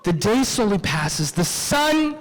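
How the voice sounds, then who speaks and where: A man telling a story to children at a live convention session, expressive and engaging the audience with call-and-response. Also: high voice, slow, rough recording.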